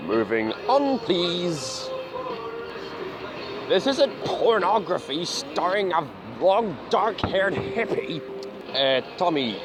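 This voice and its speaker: A man's voice: medium pitch, low-quality recording. A man hosting a comedic film review, sarcastic and theatrical, often exasperated.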